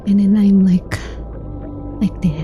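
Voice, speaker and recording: A woman's voice: mid-range voice, fairly even intonation, takes it slowly, lo-fi sound, soft background music. A woman streamer talking with her chat in a whispered ASMR style, playful and teasing, often giggling.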